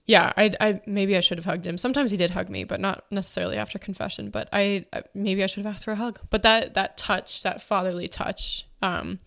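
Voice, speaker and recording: A woman's voice: mid-range voice, steady tone, a little fast, creaky, few pauses, fairly bright tone. A young woman hosting a faith-based podcast, talking casually with lots of fillers, who is pregnant. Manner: chatty, many fillers and likes. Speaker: podcast host.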